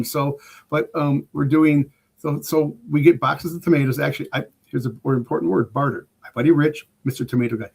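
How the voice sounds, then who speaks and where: A man's voice: on the high side, fairly even intonation, brisk, vocal fry, breathy edge. Rambling older man telling stories. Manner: rambling, enthusiastic storyteller. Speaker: guest preparedness expert. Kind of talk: casual podcast conversation.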